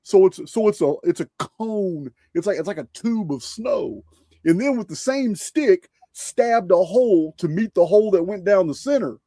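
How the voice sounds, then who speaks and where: A man hosting a casual livestream chat, talking excitedly and often stumbling and repeating his words. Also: high voice, moderate pace, no echo, studio quality. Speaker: livestream host.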